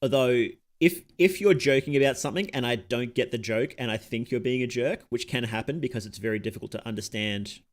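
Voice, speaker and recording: Streaming a game, an Australian man talks in a mid-range voice, briskly and with few pauses. His chatter rambles, and he keeps cutting himself off mid-thought to remark on what he's doing.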